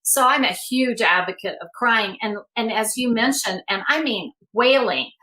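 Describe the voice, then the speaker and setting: A woman's voice: on the high side, moderate pace, pushed and bright. A woman speaking as a guest coach in a podcast conversation, earnest and emphatic as she advocates for letting emotions out.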